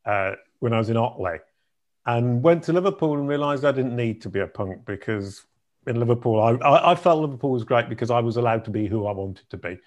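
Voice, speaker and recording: A middle-aged man speaks as an interview guest. His voice sits at an ordinary pitch, and he tells his stories in a chatty, self-deprecating way. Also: animated, a little fast. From Yorkshire, England. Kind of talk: conversational interview.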